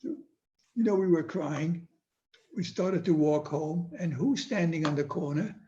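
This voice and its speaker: A man's voice: a little high, unhurried, mellow. An older man, a Holocaust survivor, vividly telling his life story with small bursts of acted-out dialogue. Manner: vivid storytelling, acts out voices in quotes. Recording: dull lo-fi sound with faint noise.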